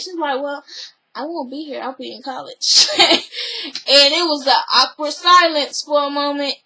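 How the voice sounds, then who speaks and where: Bright high-voiced chatty woman. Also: poor audio. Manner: chatty, opinionated, retells scenes with quoted voices. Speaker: reality TV recap vlogger. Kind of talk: casual episode recap.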